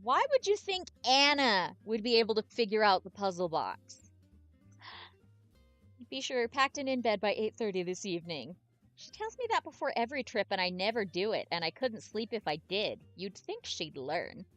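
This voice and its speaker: A spirited, sharp-tongued young heroine from a game, read by a woman. Her speech is brisk, her pitch jumps about, and faint music plays behind her. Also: very animated.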